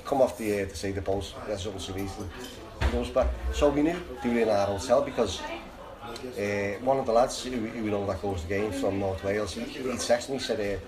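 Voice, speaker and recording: A man's voice: on the low side, fairly quick, rough recording. Rambling Liverpool man amid crowd chatter. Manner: rambling, restarts, laughs through telling. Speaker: guest telling a story. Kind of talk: casual anecdote.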